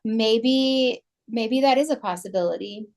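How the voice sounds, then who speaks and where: A woman's voice: fairly high pitch, a little slow, a little mellow. A woman co-hosting a podcast, talking casually with many fillers. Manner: chatty, many "like" and "you know" fillers. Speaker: podcast co-host.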